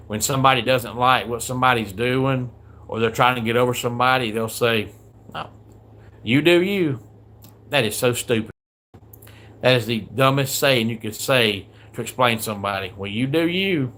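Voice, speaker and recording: Bright-voiced Southern man ranting casually. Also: medium pitch. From American South. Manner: chatty, grumbling, reads viewer comments aloud. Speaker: livestream host. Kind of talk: casual livestream countdown chat.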